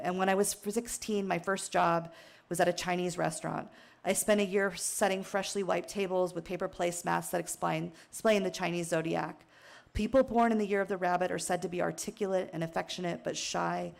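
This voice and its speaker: A woman from Wyoming reads her own writing on stage, slow and reflective. Her voice sits low with a gravelly fry. She lets feeling show now and then. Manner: measured, reflective reading with an emotional catch. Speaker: author reading her work. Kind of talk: literary reading to an audience. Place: outdoor tent stage.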